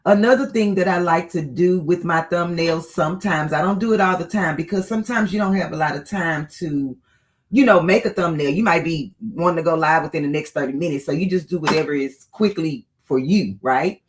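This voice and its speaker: A tutorial host walking viewers through software steps one at a time, often checking in with "okay?" or "right?". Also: mid-range voice. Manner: unhurried, with occasional filler pauses. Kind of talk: screen-share software tutorial.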